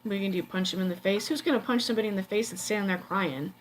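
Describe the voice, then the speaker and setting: A woman's voice: mid-range voice, rapid-fire. A woman giving a casual tarot reading, blunt and profane, chatty with many fillers. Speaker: tarot reader.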